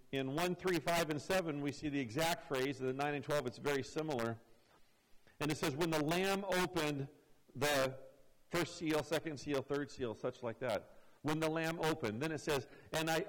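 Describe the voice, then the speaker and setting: A man's voice: a little high, fairly bright tone, low-quality recording. A man preaching a teaching sermon, explaining verses step by step and often repeating words as he restarts a phrase. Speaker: pastor.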